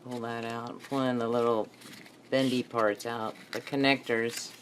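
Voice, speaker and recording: A woman's voice: very deep voice, little pitch movement, a little slow, a little hiss or hum. A woman from North Carolina with a Texan accent, chatting casually while she crafts and mutters to herself. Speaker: craft vlogger.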